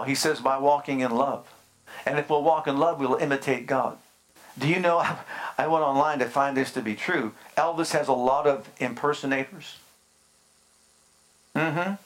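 Slow emphatic preaching man. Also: on the high side, fairly bright tone. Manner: emphatic preaching with slow drawn-out phrases and rhetorical questions. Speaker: pastor. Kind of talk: sermon.

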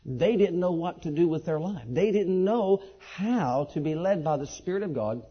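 A man preaching a sermon and telling his own testimony, leaping from high excited outbursts to low quiet asides. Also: moderate pace, husky. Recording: dull lo-fi sermon recording.

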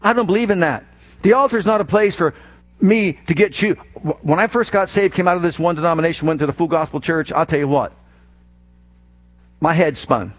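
A man preaching a sermon as pastor from the pulpit, animated, with mocking asides. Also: high-pitched, fast. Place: church.

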